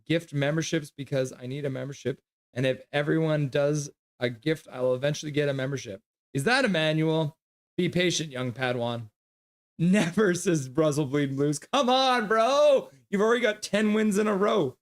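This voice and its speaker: A man's voice: on the high side, normal speed. Male streamer, casual live reaction host, reads viewer comments and calls the action loosely. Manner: reads viewer chat aloud by name, mixed with loose play-by-play.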